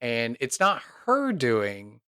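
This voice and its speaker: A man's voice: medium pitch, huge pitch swings, slow, sharp tone, clear, resonant tone, no echo, studio quality. A man running an upbeat, rambling tabletop game. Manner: rambling, filler-heavy, upbeat. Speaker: game master.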